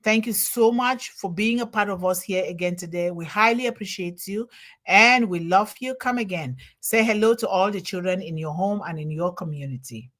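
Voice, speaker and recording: A woman who is not a native English speaker hosts an internet livestream from home with an effusive, grateful manner. She greets viewers one after another by name and reads their comments aloud. Her voice sits at an ordinary pitch. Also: normal speed, fairly bright tone. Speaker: host. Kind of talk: live online show greeting viewers. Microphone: home livestream over internet.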